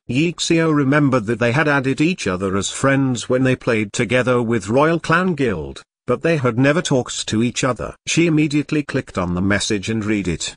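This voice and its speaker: A man narrates a translated fantasy web novel in an even storytelling manner. His pitch sits in the middle of the range and moves a lot from line to line. The recording is dry and close, with no room sound. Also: moderate pace, few pauses, no room sound. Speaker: audiobook narrator.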